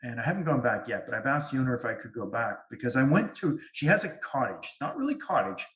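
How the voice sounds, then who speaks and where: A man speaking as a guest medium, telling stories in an animated way over a video call. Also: mid-range voice, fast talker. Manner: animated, lively storytelling. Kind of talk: storytelling interview. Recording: distant, echoey, dull sound.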